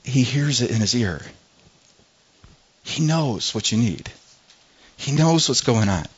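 A man's voice: mid-range voice, animated, slow, husky, highs cut off. A man preaching a sermon in an earnest, conversational way, often restarting his phrases. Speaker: pastor.

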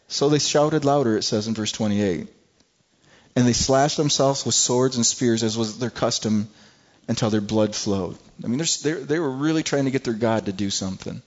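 A man's voice: mid-range voice, normal speed, highs cut off. A man preaching a sermon, reading scripture aloud and asking the listeners rhetorical questions, often repeating and restarting words.

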